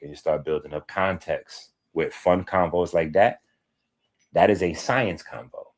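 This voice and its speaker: Casting: low-voiced man, emphatic streaming host, lectures casually and insistently. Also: measured pace. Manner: emphatic, lecturing, conversational asides. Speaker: holistic health streamer.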